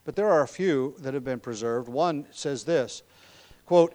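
A man preaching an expository sermon as a pastor, emphatic on key words, with frequent ums and throat clearing. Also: mid-range voice, measured pace, dark tone.

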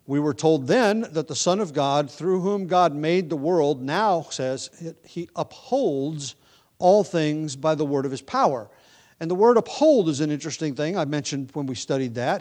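A man's slightly high, darkish voice carries a verse-by-verse sermon on a book of the Bible. The preacher speaks deliberately, slows down for emphasis on key points, and now and then inserts an "um" or fixes his wording.

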